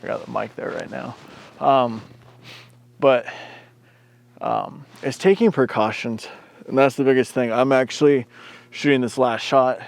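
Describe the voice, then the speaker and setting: A man's voice: medium pitch, unhurried, vocal fry, pauses often. A man casually narrating a winter hiking trip for his travel vlog. He talks in a loose, rambling way with many fillers. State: out of breath. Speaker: vlogger. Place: outdoors in winter, later inside a vehicle.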